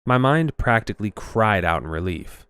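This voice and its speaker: A man reads a horror tale aloud in a smooth, clean voice pitched on the low side. He builds suspense steadily and gives the characters' lines short bursts of urgency. The sound is close and dry, with no room around it. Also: expressive, normal speed, a bit bright, dry recording. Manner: tense, suspenseful reading with voiced dialogue. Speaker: narrator. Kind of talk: first-person horror story narration.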